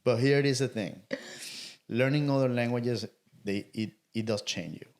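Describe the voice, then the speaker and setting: A man co-hosts a relaxed podcast conversation. His voice sits at a middling pitch. He talks in loose, restarting sentences, often repeating words and checking in with "right?". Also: moderate pace. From Latin America. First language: Spanish. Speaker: podcast co-host. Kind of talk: casual conversation.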